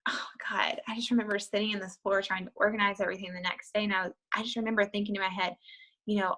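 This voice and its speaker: Chatty, bright-voiced woman telling her story. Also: level tone, fast, rough recording. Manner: candid, chatty, heavy use of "like" and "you know"; acts out her past self with sudden high-pitched bursts. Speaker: interviewee, network marketer. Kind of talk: personal story in an interview.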